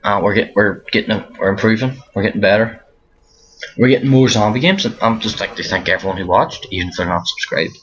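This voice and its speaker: A man's voice: lowish voice, a little fast, a bit bright. A tired young man giving rambling casual commentary over a zombie game, often restarting his sentences. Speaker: gaming commentator. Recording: dull lo-fi mic with faint hiss.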